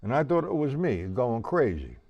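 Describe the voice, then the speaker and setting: A man's voice: mid-range voice, big pitch swings, normal speed, husky, muffled recording. A man teaching a drum lesson, casual and repetitive, counting beats aloud as he plays. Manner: casual, repeats words, counts beats aloud while playing. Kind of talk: live-streamed drum lesson. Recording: drums loud behind the voice. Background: drum kit playing.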